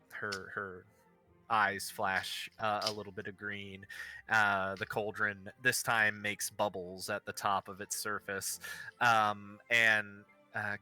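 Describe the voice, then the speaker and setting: A man runs a tabletop game as its narrator. He talks slowly and haltingly, with a bright, crisp tone, and soft music plays behind him. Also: fairly low pitch. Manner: rambling, halting narration with many fillers. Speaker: game master.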